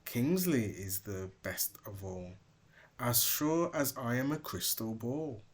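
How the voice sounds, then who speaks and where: A man's voice: mid-range voice, animated, slow pace. A man voicing a talking crystal ball who answers in sing-song rhymes during a storybook reading. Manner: sing-song rhyming delivery. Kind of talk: storybook read-aloud.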